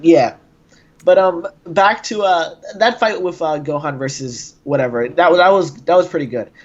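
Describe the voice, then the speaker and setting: A man's voice: a little high, moderate pace, lo-fi sound. A man as a guest in a casual discussion, agreeable and laughing often, with hesitant fillers.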